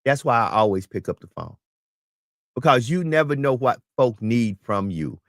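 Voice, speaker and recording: A man's voice: medium pitch, expressive, moderate pace, dry recording. Guy on a talk show, preachy and emphatic, keeps repeating himself, dry sound. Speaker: guest. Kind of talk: casual talk show chat.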